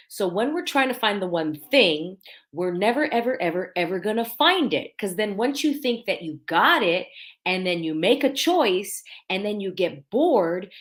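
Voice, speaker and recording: A middle-aged woman hosting a live podcast, talking in an animated way, repeating phrases for emphasis and laughing lightly now and then. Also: on the low side. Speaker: podcast host.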